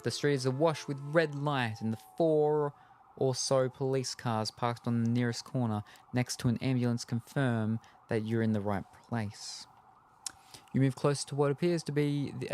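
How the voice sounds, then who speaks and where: A man's voice: mid-range voice, slight background noise. Give me a man reading a game's story aloud. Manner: steady narration with casual asides. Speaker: game streamer. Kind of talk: reading game text aloud.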